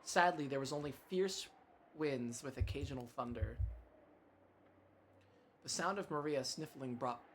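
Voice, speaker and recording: A man's voice: mid-range voice, measured pace, long pauses, a bit bright, slight background noise. Brief: male streamer, game reading, plain mid voice, stumbles and corrects himself. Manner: reads aloud with small slips and self-corrections. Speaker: streamer reading a visual novel aloud. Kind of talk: dramatic reading of game text.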